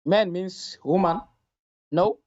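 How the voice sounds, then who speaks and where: A man calling in to a debate show, insistent and arguing back, reading verses slowly. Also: sits high, animated, darkish tone. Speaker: caller. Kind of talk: call-in debate. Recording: dull phone line.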